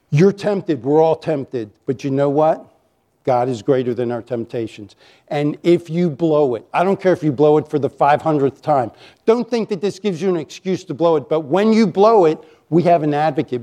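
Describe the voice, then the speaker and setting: A pastor preaching a sermon to his congregation. His voice sits fairly high for a man but has a mellow, warm tone. His delivery is emphatic, and he stretches out the key lines. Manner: emphatic, varies pace, slows for key lines, rises when acting out accusations. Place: church sanctuary with a congregation.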